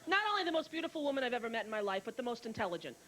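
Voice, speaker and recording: A woman in her thirties performing a brash, fast-moving stand-up comedy set, acting out other people's lines, with an audience laughing. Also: fairly high pitch, big pitch swings, a bit bright, rough recording. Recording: old VHS tape with hiss.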